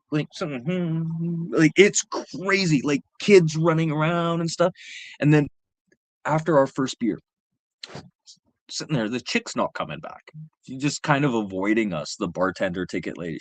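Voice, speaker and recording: A man on a livestream, telling a rambling, profane story in a casual, animated way. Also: mid-range voice, no echo. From Canada. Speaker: livestream host. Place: home livestream setup.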